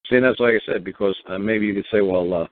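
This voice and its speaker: A man's voice: on the low side, steady tone, fast talker, no echo. A man from New York hosting a call-in show, firing blunt, profane rhetorical questions at a caller. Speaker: radio show host. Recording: tinny phone-line sound.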